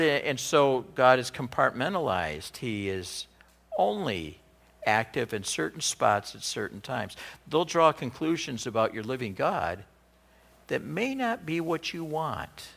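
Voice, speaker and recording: A male pastor preaching a sermon in an animated, conversational way. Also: medium pitch, measured pace, vocal fry.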